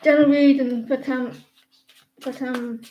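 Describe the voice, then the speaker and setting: In an echoey room with faint background noise, a woman gives a live, casual tarot reading. Her high voice has a flat, unhurried delivery, and she's chatty, laughs often and breaks off mid-sentence.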